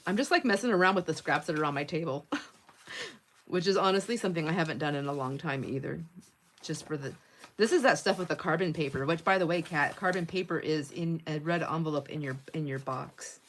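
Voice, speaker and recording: A woman's voice: low-pitched, animated, a little fast, a little hiss or hum. Chatty, laughing woman livestreaming while crafting. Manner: chatty, laughs often, reads viewer comments aloud. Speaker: livestream host.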